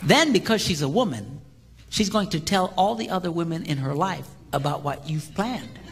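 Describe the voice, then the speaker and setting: Animated man joking from a stage. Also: on the high side, moderate pace. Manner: animated, punchy, with shouted sound effects. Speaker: marriage seminar speaker. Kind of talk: comedic seminar talk. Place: large hall before a live audience. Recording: reverberant hall with background noise.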